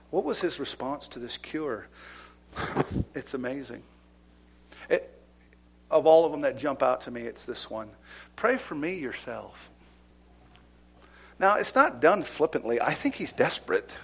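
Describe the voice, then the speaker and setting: A man preaching a fiery sermon in church, swinging between loud emphatic declarations and hushed whispers. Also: mid-range voice, gravelly, husky. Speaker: pastor. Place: church service.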